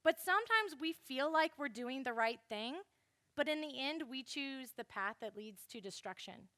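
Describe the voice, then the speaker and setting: A young woman giving a classroom Bible lesson, animated and speaking straight to her listeners. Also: sits high, moderate pace, dry recording, clean studio sound. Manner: animated, addresses listeners directly.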